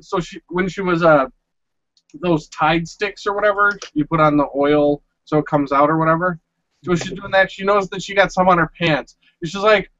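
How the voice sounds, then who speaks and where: High-voiced man telling exasperated stories. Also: a little fast, no room sound. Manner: animated, exasperated storyteller who acts out quotes. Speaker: podcast co-host. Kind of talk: casual storytelling chat. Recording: muffled lo-fi podcast audio.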